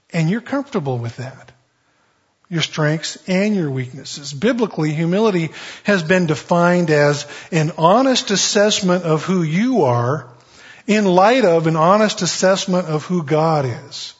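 A man's voice: fairly high pitch, breathy edge. A man preaching a conversational sermon, telling a story in a folksy way with many restarts and acted-out quotes. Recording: dull lo-fi sermon recording.

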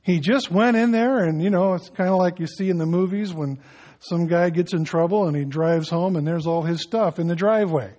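A man's voice: high voice, normal speed, a little mellow. A man preaching a sermon in a conversational way, acting out little scenes as he goes. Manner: conversational preaching with acted-out asides. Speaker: pastor.

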